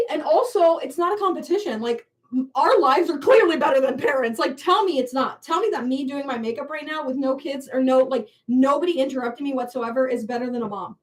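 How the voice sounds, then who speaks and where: Young woman host, high voice set back from the mic, chatty get-ready-with-me livestream, heavy "like" fillers. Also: distant mic. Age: young adult. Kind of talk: casual get-ready-with-me chat. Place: at home doing her makeup.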